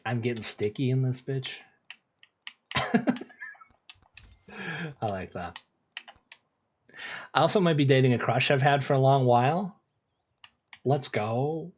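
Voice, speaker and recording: A young man streaming a game, chatting casually with viewers in relaxed slang, repeating phrases and laughing often. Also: medium pitch, slightly rough. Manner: laid-back slang, lots of laughing and repeating himself. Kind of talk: casual gameplay streaming, reading chat.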